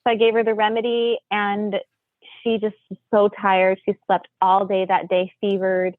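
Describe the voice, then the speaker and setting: A woman from the United States, a podcast guest, telling family stories in a lively way, often laughing and acting out what people said. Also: normal speed, no room sound. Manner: animated, acts out quotes with big pitch jumps, laughs often. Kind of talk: storytelling in casual chat. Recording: tinny phone-line audio.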